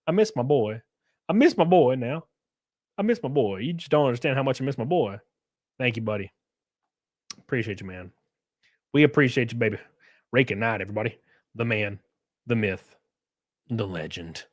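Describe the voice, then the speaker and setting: A man's voice: mid-range voice, no room sound, studio quality. A man hosting a casual live stream, rambling through effusive thanks to viewers and reading a story aloud.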